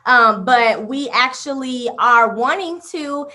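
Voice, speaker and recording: A woman co-hosting a faith-based podcast with a high, bright voice. She sounds upbeat and encouraging and leans toward preaching. Her delivery is warm toward the guest without slowing down. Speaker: podcast co-host.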